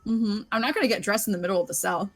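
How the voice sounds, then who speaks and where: A woman playing a tabletop game who talks in a quick, bubbly way and swears casually. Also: medium pitch. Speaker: player.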